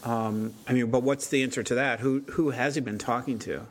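A man on a casual podcast, thinking aloud in halting, questioning sentences with many restarts. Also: mid-range voice, fairly even intonation.

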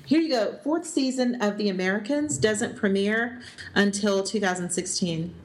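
A woman co-hosts a casual podcast chat about a TV series. She thinks aloud as she talks, filling pauses with ums and breaking into small laughs. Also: mid-range voice. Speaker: podcast co-host.

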